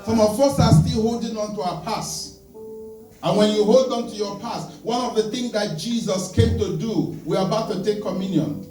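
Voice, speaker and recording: A man's voice: sits high, moderate pace, warm tone. A male pastor preaching a sermon, asking the congregation to answer him and acting out his points with helpers. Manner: emphatic call-and-response preaching, demonstrating with helpers. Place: church. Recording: echoey church hall from far off, with music. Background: guitar music.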